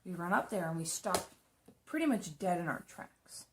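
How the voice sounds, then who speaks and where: A woman's voice: on the low side, big pitch swings, normal speed, a little hiss or hum. A young woman chatting casually as she tells a story while doing her makeup, rambling with lots of fillers and restarts. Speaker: makeup vlogger.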